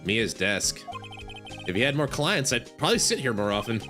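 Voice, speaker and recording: A man narrating a video game playthrough, reading its lines aloud in quick, joking asides. His pitch moves very lively from phrase to phrase, with music playing clearly in the background. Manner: quick, joking, laughs often. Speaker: gameplay narrator. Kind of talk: game playthrough with read-aloud dialogue and jokes.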